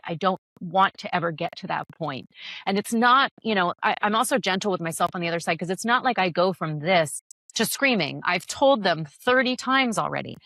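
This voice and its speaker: A woman's voice: lowish voice, pushed and bright, dry recording. A woman guest on a podcast, talking candidly about parenting as a yoga teacher, laughing often and restarting her sentences. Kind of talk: conversational podcast interview.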